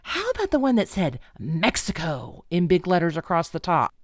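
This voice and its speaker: A woman voicing a male friend who answers in a dry, deadpan way. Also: a little high, moderate pace, no room sound.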